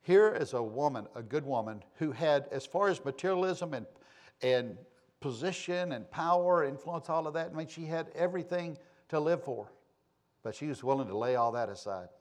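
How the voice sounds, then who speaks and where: A pastor delivers a sermon in a fairly high voice, his pitch leaping up and dropping away as he swings from forceful emphasis to hushed, low-voiced asides. He tells stories in a folksy, conversational manner to his congregation. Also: animated, normal speed.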